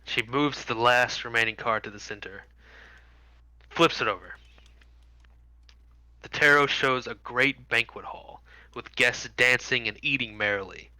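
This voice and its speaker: A man's voice: mid-range voice, a little slow, pauses often, bright, forceful tone, smooth, no echo, low-quality recording. A man narrating as dungeon master of a tabletop game, describing scenes vividly with frequent fillers.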